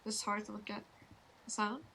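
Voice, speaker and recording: A woman streamer reading game dialogue aloud, slow and deliberate, voicing each character in turn. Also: medium pitch, fairly even intonation, creaky, bright, forceful tone, slight background noise. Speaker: VTuber streamer. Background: game music.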